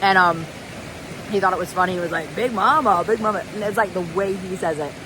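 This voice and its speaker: Lady vlogging outside, laughing a lot, loud waterfall noise behind her. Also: fairly low pitch, fairly even intonation, quick pace. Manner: chatty, giggly storytelling. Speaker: thru-hiker vlogger. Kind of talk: casual vlog talk to camera. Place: outdoors by a waterfall and creek. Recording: noisy outdoor recording.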